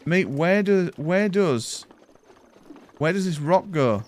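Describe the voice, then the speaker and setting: A young man, chatting excitably and swearing as he streams a video game and thanks viewers. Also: high voice, slow pace, a little hiss or hum. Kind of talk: live gameplay commentary.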